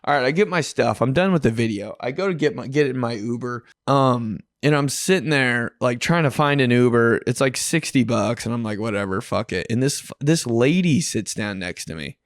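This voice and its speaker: Animated young man telling a funny story. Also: moderate pace, few pauses, no echo, clean studio sound. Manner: animated, slangy, acts out quotes in a higher voice. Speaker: podcast host telling a story. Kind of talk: casual comedic storytelling.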